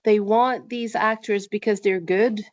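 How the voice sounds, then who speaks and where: A woman's voice: mid-range voice, fairly even intonation, measured pace, darkish tone, dry recording. A woman from Brazil interviews a guest over a video call, building long, thoughtful questions. The audio sounds dull and muffled, and the room is very dry. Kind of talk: casual interview chat.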